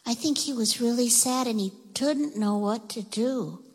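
A woman telling a Bible story to children in church, animated and coaxing, asking them questions as she goes. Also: on the high side, unhurried, slightly rough, in a large hall, poor audio. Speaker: children's minister. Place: church sanctuary.

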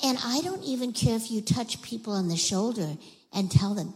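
A woman teaching children in church, speaking in a breathy, animated way and leading the group in shouted chants. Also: a little high, moderate pace, long reverb tail. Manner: animated, leads group chants in a loud call. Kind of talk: children's sermon. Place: church sanctuary.

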